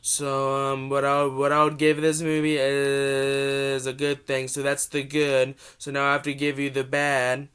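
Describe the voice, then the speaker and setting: A young man with a cold giving a casual, rambling movie review vlog, often restarting his sentences and gushing with excitement. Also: mid-range voice, measured pace, hardly any pauses, smooth. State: has a cold.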